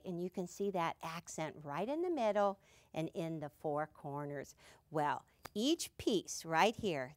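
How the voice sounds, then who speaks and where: A cheerful woman demonstrating quilting, her lowish voice swinging up and down with lively emphasis. She sounds upbeat and playful as she explains each step. The recording is dry and close. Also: dry recording. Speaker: quilting show host.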